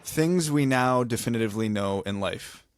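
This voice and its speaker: A man's voice: medium pitch, normal speed, very noisy. A man co-hosting a casual podcast, chiming in with dry, teasing quips. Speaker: podcast co-host.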